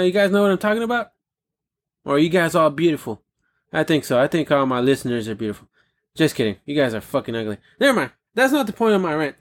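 A young adult man hosting a podcast, delivering a rambling, profane comedic rant and often asking his listeners questions. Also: fairly high pitch. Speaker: podcast host.

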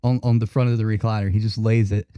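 A man hosting a podcast in casual chat, telling animated stories full of swearing and frequent laughter. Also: fairly low pitch, quick pace, clean tone, dry recording, dull audio. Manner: profane, laughing, animated storytelling. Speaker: podcast host.

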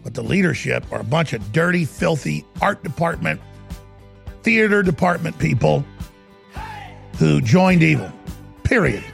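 A man hosting a talk show, ranting heatedly and fast. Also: a little high, animated, gravelly, fairly bright tone, faint music behind. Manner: heated, rapid-fire ranting. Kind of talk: ranting commentary.

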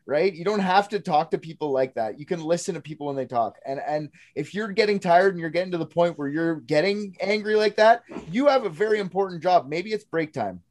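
A man's voice: on the high side, lively intonation, brisk, hardly any pauses, a little mellow. A man co-hosting a casual podcast, ranting in a heated, profane way about how people should be treated. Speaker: podcast co-host. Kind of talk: casual true-crime chat.

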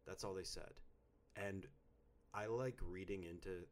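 A man in his thirties co-hosting a casual chat, playful and theatrical, swinging between quiet mumbles and loud outbursts. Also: sits low, fairly even intonation, measured pace. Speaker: podcast co-host. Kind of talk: casual chat, reading listener notes.

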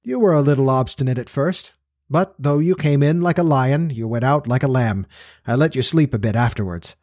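A man voicing a calm, reassuring doctor with a measured, casual manner. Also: mid-range voice, dry recording, clean studio sound, lightly acted.

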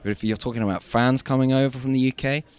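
A man's voice: mid-range voice, steady tone, quick pace, darkish tone, clean tone. A man with an English accent, a guest journalist chatting casually in a roundtable over a video call, with many fillers and restarts. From England.

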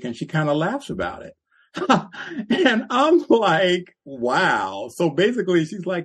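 A man's voice: a little high, slow, breathy edge. A man co-hosting a podcast, telling stories in casual chat and acting out quotes with a laugh. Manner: animated storytelling, acts out quotes with laughs. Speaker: podcast co-host.

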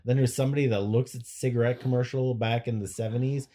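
A man's voice: medium pitch, fairly even intonation, quick pace, warm tone. Rambling joking male podcast co-host. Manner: rambling, joking, trails off and restarts. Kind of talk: casual chat.

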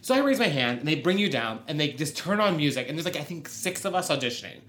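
Podcast co-host: woman in her thirties, self-mocking storyteller, very lively pitch, recorded in an echoey room. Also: fast. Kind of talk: casual chat, storytelling.

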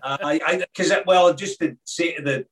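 A middle-aged Scottish man, a podcast guest, recalling his past in a relaxed, halting way with many restarts. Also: a little high, recorded from a distance. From Scotland. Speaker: guest, former snooker player. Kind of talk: casual interview chat.

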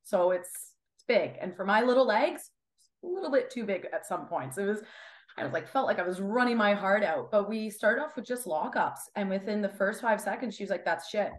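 A woman's voice: mid-range voice, brisk, roomy sound. A young woman in her twenties, a wrestler guest chatting casually and acting out quotes. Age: 20s. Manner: chatty, animated, acts out quotes. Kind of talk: casual interview chat.

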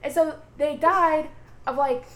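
Animated woman recapping a show, echoey room. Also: high voice, takes it slowly. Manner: animated, swearing, acts out quotes. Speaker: podcast co-host. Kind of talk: casual recap chat.

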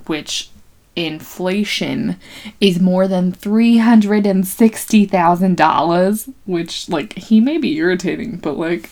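A young woman casually recapping an old film, chatty and slangy, laughing often and acting out quotes in quick voices. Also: lowish voice.

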